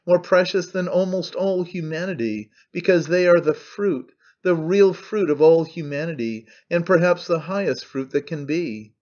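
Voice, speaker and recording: Guy reading as a frantic pompous old speechmaker, kinda high voice, dull lo-fi sound. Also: darkish tone, natural voice. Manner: declaiming grandly, shrill and defiant. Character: excitable old male orator, pompous and frantic.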